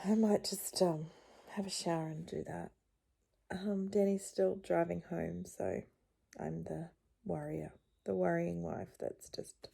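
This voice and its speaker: A woman's voice: on the low side, gravelly, dark tone, slight background noise. A woman in her thirties chatting casually to camera as a vlogger, rambling along with frequent little laughs. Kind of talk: casual vlog chat.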